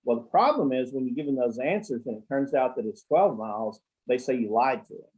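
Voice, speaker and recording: Blunt guy telling war stories, kinda rambly, soft dark voice. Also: medium pitch, lively intonation, fairly quick, slightly rough, poor audio. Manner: blunt and salty, with swearing; rambling, with many fillers and restarts. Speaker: accountant guest. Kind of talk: casual storytelling on a call.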